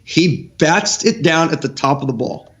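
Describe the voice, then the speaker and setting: A middle-aged man with a slightly raised pitch, breaking down football film as a guest coach on a streamed show. He gets animated as he talks. He stumbles into frequent restarts as the ideas pile up. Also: a little slow. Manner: animated, excitable, restarts often.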